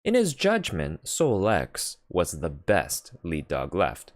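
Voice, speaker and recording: A deep-voiced man reading a classic novel aloud at an unhurried pace. His measured reading swings widely in pitch to bring out the drama. The recording is dry and close, with no room sound. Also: wildly swooping pitch, dry recording. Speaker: audiobook reader. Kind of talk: unhurried literary narration.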